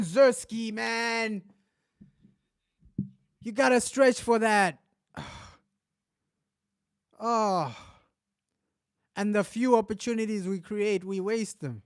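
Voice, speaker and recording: A man commenting live on a match as a fan, grumbling through the slow spells and shouting with excitement when his team scores. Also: high voice, clear, resonant tone, no echo, studio quality. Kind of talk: live watch-along commentary.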